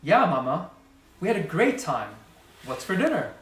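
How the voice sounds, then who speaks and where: Guy putting on an eager lil frog kid, high and chirpy, roomy sound from a ways off. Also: very animated, moderate pace, fairly bright tone, far from the mic. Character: young boy frog, cheerful and eager.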